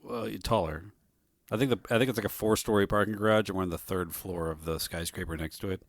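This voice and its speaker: Low-voiced man with wry teasing. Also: fast talker, dry recording. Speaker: podcast co-host. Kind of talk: casual chat.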